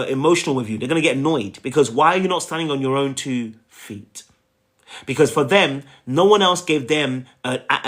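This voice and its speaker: A man's voice: on the high side, a bit bright. A man giving a relationship coaching talk, emphatic and repetitive, often checking in with "okay?" and "right?".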